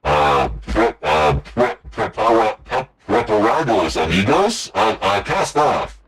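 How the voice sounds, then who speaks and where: A man doing a booming deep pirate captain. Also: very animated, a bit bright, heavily acted. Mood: grand. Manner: slow, halting, grand. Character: deep-voiced proud male pirate captain. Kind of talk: fan voice acting of a game.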